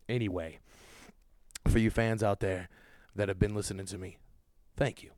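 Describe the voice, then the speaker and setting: Man, podcast host, profane rant, low voice, dry close sound. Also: fairly even intonation, normal speed, dry recording. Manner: loud, cursing, ranting, angry.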